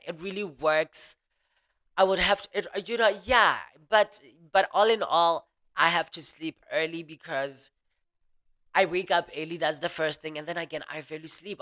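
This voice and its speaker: A speaker hosting a motivational audio talk in a casual, earnest monologue, talking quickly and restarting sentences often. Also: mid-range voice. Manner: quick, animated speech with frequent restarts; earnest and reflective.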